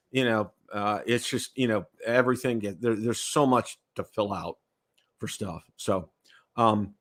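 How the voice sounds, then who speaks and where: Host, male, American, bright and forceful tone, chatty and rambling. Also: mid-range voice. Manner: rambling, repeats words, checks in with "okay?". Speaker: livestream host. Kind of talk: casual livestream chat.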